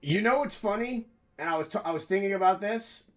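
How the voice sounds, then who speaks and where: An excitable man chats with his viewers while streaming a game from home. His voice sits high and swings widely, and he swears freely and bursts into loud outcries. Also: fairly quick, soft background music. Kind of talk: casual live-stream chat.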